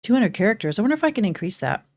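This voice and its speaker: A woman's voice: mid-range voice, sing-song, racing, a little mellow. Chatty woman streaming a game. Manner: chatty, rambling, talks to chat between game actions. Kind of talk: casual live-stream gameplay chat.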